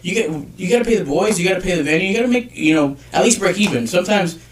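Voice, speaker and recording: A man's voice: high-pitched, lively intonation, rapid-fire, a little hiss or hum. A man, a guest photographer, telling stories in a brash, profane, casual podcast chat. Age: adult with children.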